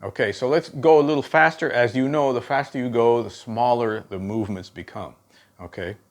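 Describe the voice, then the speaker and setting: A man's voice: medium pitch, normal speed. A man giving a drum lesson, counting beats aloud and often checking in with "okay". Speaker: drum instructor. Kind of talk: teaching drum technique.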